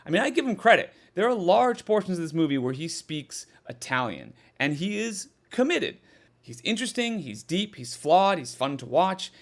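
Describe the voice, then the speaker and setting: A man with a slightly high, sing-song voice reviews a horror movie at a moderate pace, sounding casual and exasperated. His pitch swings widely as he mocks the film, and he swears freely.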